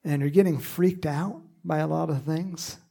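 A man preaching a sermon in an animated, conversational way, with asides and laughs. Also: on the high side, normal speed, gravelly.

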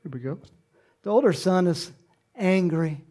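A man's voice: sits high, animated, a little slow, dark tone. A man preaching a sermon, telling the story dramatically with asides and questions to the congregation.

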